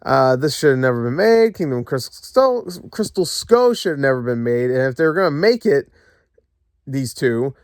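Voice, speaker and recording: Man, movie reviewer, sarcastic ranting, lots of swearing, mid pitch, dry room. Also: clear, resonant tone, dry recording. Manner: sarcastic, profane, frustrated ranting with frequent fillers. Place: lying in bed at home.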